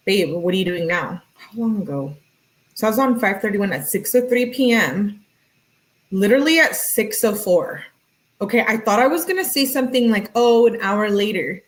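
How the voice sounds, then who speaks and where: A woman YouTuber giving casual commentary, reading text messages aloud with chatty, musing asides to her viewers. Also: mid-range voice. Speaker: true-crime YouTuber.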